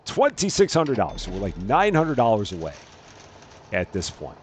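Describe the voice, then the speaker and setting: A man with a low voice that swings up and down a lot, narrating a game in a loose, chatty way and correcting himself as he goes. A faint hiss sits behind him on the recording. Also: huge pitch swings, moderate pace. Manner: chatty, self-correcting, narrates each task aloud. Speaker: let's-play host. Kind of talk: casual gameplay commentary.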